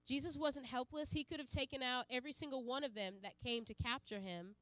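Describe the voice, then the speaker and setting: A woman's voice: sits high, fairly quick, a bit bright, no echo. A woman giving an earnest sermon to a congregation, with frequent fillers and restarts. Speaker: preacher.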